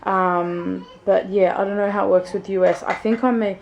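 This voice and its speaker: A woman's voice: mid-range voice, fairly even intonation, normal speed, gravelly, darkish tone, highs cut off, a little hiss or hum. A young woman with an Australian accent, chatting casually to camera in a rambling, um-filled way. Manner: chatty, rambling storytelling with frequent ums. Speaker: vlogger. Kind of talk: casual chat.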